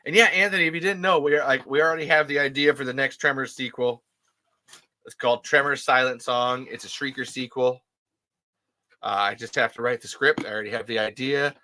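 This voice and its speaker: An excited vlogger, gasping and rambling while unboxing collectibles. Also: medium pitch, fairly quick. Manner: giddy, gasping, swearing, rambling.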